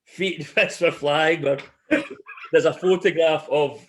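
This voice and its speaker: A middle-aged man hosting a podcast, telling stories in a lively, animated way and laughing often. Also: a little high, unhurried. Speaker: podcast host. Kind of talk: casual chat.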